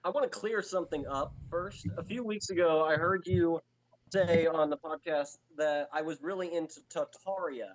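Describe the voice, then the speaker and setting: A man on a podcast as a guest, his voice sitting slightly high for a man. He talks in an emphatic, exasperated way, leaning hard on his complaints. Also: normal speed, poor audio. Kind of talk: casual podcast chat.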